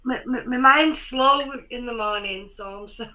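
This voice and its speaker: A British woman chatting casually as a guest on a livestream, making jokey asides and quick apologies. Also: on the high side, pushed and bright, highs cut off. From United Kingdom. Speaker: guest co-host. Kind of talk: casual chat. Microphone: remote video call.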